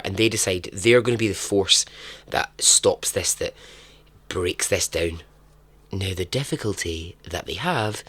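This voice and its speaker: Man, podcast host, casual storytelling, fairly low voice, dry close sound. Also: no echo. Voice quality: chatty, laughs often, animated asides.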